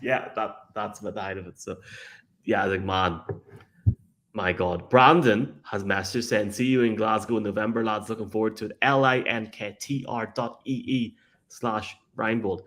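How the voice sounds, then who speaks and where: This lowish, slightly bright male voice keeps a steady tone and an ordinary pace. He's an Irish co-host on a live show, joking, laughing readily and reading listener messages aloud in relaxed banter.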